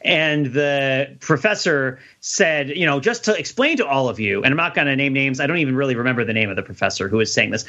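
A man's voice: medium pitch, brisk, few pauses. A man co-hosting a podcast, telling an anecdote with lots of laughter. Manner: animated storyteller, laughs often. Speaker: podcast co-host. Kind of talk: casual podcast chat. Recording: dull lo-fi audio.

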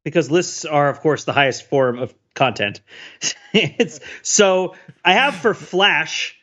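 A man's voice: fairly high pitch, slow, sharp tone. A man in casual chat about a film, working jokily through a list he prepared. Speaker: podcast co-host. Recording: dull lo-fi sound.

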